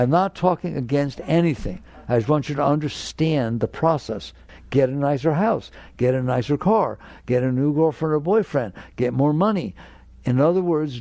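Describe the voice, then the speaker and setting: A man's voice: a little high, vocal fry, dark tone, no room sound. An older man giving a spiritual talk to an audience, direct and emphatic, sometimes acting out inner voices. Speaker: spiritual teacher.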